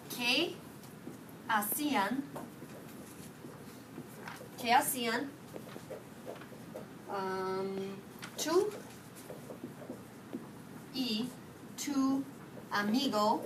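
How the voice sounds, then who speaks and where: A woman teaching a high school Spanish class, questioning her students and mixing English with Spanish. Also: very slow, pauses often. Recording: distant mic, noisy classroom.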